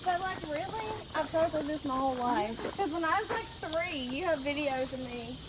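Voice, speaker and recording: A woman's voice: high-pitched, moderate pace. A young woman with a Louisiana accent, chatting in a teasing, sassy way while hiking in a forest. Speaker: vlogger's daughter. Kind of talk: casual chat on a hike. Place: outdoors in a pine forest. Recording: outdoor recording with loud background noise.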